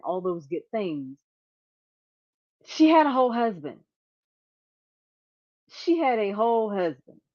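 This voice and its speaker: A woman's voice: mid-range voice, muffled recording. A woman hosting a casual commentary show, giving blunt opinions and often restarting her sentences. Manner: opinionated, restarts and trails off mid-thought. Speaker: host.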